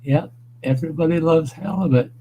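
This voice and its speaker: A man's voice: on the high side, a little fast, a little hiss or hum, poor audio. A man hosting a casual livestream, telling rambling, profane stories about food and fishing. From northern Wisconsin. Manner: profane, rambling, animated storyteller. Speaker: livestream host. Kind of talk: casual storytelling chat.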